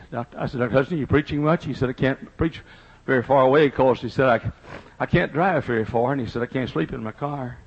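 A middle-aged man preaches a revival sermon, his voice husky and a little rough. He builds into shouted, rising phrases. The recording sounds dull and lo-fi. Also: medium pitch. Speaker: pastor.

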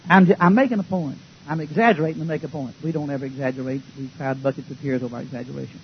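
An older man preaching a folksy, joking sermon, swinging between loud outbursts and low mutters. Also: steady tone, racing, muffled recording, slight background noise.

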